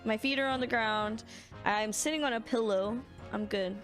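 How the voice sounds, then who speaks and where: A woman's voice: a little high, moderate pace, a bit bright, soft background music. A woman streaming a video game, chatting casually and playfully, with a sore throat. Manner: chatty, playful, laughs often.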